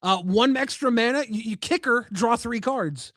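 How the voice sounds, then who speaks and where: A man's voice: extremely high pitch, moderate pace, fairly bright tone, no room sound, clean studio sound. A man co-hosting a podcast, chatting playfully about trading cards, laughing often and tripping over repeated words. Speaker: podcast co-host. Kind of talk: casual card-game chat.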